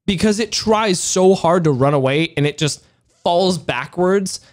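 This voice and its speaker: Animated swearing podcast guy. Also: high-pitched, unhurried. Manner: animated storyteller, laughs often, swears. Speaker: podcast co-host. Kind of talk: casual chat.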